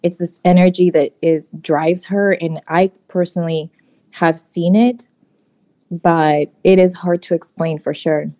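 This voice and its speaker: A woman co-host speaking casually and haltingly, asking the guest a question. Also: on the low side, steady tone, dark tone. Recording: dull, lo-fi sound.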